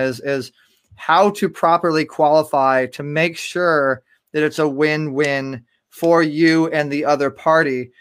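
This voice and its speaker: A man's voice: on the high side, a bit bright. A man guest on a live online show, speaking in an upbeat coaching way and often repeating words.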